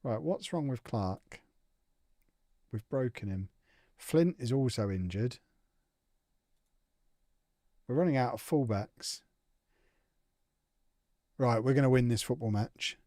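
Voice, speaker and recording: A young man hosts a live gaming stream in a relaxed, chatty way. He teases his viewers with playful banter as he reads their messages aloud. His voice sits at an ordinary middle pitch and sounds dry and close, with no room echo. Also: slow pace, pauses often. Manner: playful, teasing banter reading out chat. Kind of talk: casual live-stream chat while gaming.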